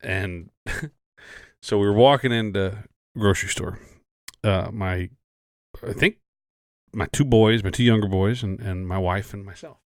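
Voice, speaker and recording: A man's voice: on the low side, measured pace, pauses often, no echo, studio quality. A man in his forties co-hosting a podcast, telling a story in casual, profane chat. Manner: profane storytelling, animated when quoting. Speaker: podcast co-host.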